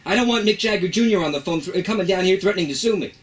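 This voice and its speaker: A man's voice: sits high, very fast. A man co-hosting a radio show in a studio, bantering playfully and theatrically. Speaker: radio co-host.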